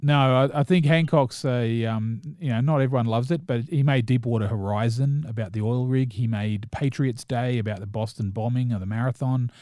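A man's voice: mid-range voice, a little fast, few pauses, warm tone, no room sound. A man with a New Zealand accent chats about films in a rambling, eager way, stumbling through restarts and fillers. His voice sits in a mid range. The sound is dry and close. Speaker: podcast co-host. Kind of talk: casual chat reviewing films and shows.

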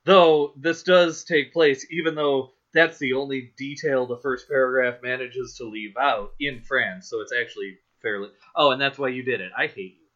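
A man's voice: medium pitch, moderate pace, hardly any pauses, a bit bright, dull audio. A man co-hosting a podcast, bantering dryly and reading book passages aloud. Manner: sardonic, mock-grumpy. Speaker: podcast co-host.

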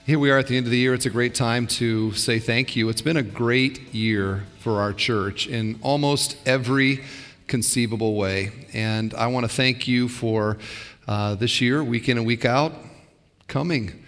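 A man preaching a sermon as pastor, talking casually with fillers and rising to excited bursts. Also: mid-range voice, measured pace, long reverb tail, faint music behind. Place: church sanctuary.

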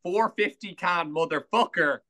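A man in casual podcast chat, telling a story in an animated way with some swearing. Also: high voice, unhurried, slight background noise. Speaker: podcast co-host.

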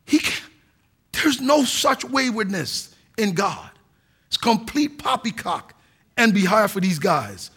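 A pastor delivers a sermon in a notably high voice for a man. He preaches earnestly, pressing hard on key words and now and then restarting a phrase. He sounds middle-aged. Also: very animated, slow, sharp tone, slightly rough. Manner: earnest preaching with emphatic stresses and some restarts.

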